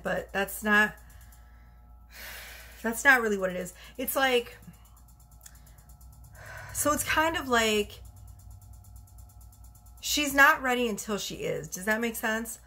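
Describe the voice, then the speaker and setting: A woman's voice: on the high side, slow, pauses often, bright, forceful tone, faint music behind. A woman giving a casual tarot reading, chatty and rambling, a little out of breath. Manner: chatty, rambling, self-correcting. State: slightly out of breath. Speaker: tarot reader.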